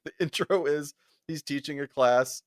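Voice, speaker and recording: A man's voice: on the high side, moderate pace, no echo, clean studio sound. A man co-hosting a casual podcast chat, laughing often and acting out quoted lines as he retells scenes. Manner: animated, laughs often, acts out quoted voices. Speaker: podcast co-host.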